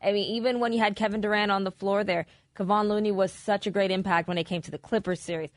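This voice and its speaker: A middle-aged woman co-hosting a radio show, promoting a local event with quick enthusiasm. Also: medium pitch, fairly even intonation, no room sound, studio quality.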